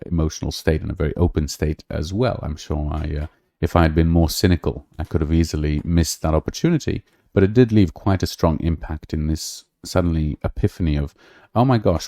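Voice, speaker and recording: A podcast host with a low, dark voice talks casually in a livestream style, rambling and often restarting or using fillers. The recording is studio quality, with no room sound.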